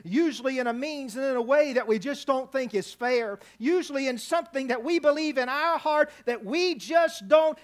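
Male pastor, very high voice, evening sermon, emphatic build. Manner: preaching, building to loud emphatic cries. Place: church.

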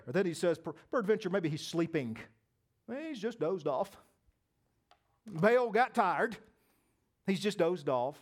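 A man preaching a sermon, emphatic, with loud peaks, quiet asides and folksy humor. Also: high-pitched, sing-song, measured pace, pauses often.

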